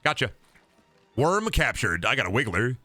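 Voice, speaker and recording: A hoarse man streaming a game, chatting casually in a rambling, profane way that keeps restarting. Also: medium pitch, very animated, normal speed, bright, forceful tone, no echo, soft background music. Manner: rambling, profane, self-interrupting. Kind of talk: casual gameplay chat.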